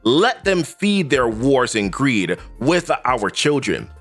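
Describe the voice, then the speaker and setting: A man voicing a stern, deep-voiced panther king hero in a comic recap, speaking in slow, solemn declarations. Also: sing-song, a bit bright, soft background music, full character voice. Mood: resolute.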